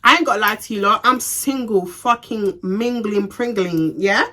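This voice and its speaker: A young woman telling a storytime on her vlog in a casual, animated, slangy way with plenty of swearing. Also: medium pitch, moderate pace. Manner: animated, profane, slangy retelling. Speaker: vlogger.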